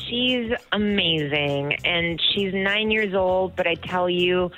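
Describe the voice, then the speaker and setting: A woman's voice: lowish voice, slow pace, a bit bright, low-quality recording. A woman in her forties, a guest actress chatting enthusiastically in an interview. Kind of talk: interview answers.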